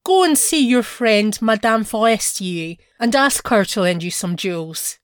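A woman's voice: mid-range voice, animated, unhurried, clean tone, no echo, clean studio sound, close to an everyday voice. A woman reading a story aloud, voicing an anxious clerk husband who talks in an earnest, pleading way. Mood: coaxing. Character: anxious eager-to-please husband, a modest clerk.

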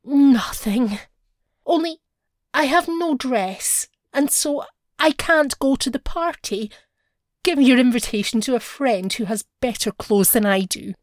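A woman's voice: mid-range voice, measured pace, a little mellow, no echo, natural voice. A discontented young wife who longs for finer things speaks in a thin, plaintive tone, put on by a woman reading the tale. She sounds clipped and dry, with no room around her.

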